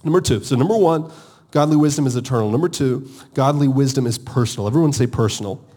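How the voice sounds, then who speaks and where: A married adult pastor preaches an energetic sermon, calling on his congregation to answer back. He speaks fast at a medium pitch.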